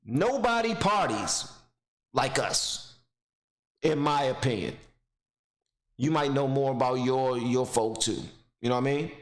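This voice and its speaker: A man's voice: mid-range voice, roomy sound. A man giving blunt, mocking casual commentary while reacting to a video clip, rambling into stories.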